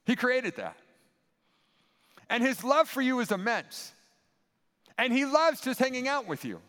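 Lively high-pitched preacher in a reverberant hall. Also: male voice. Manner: animated, conversational, playful asides. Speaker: pastor. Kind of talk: sermon.

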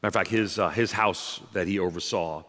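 Bright-voiced male preacher in a reverberant hall. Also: sits low, fairly quick. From outside New York City. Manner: emphatic, repeats exhortations, joking asides. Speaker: pastor. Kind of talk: sermon. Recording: long reverb of a large hall.

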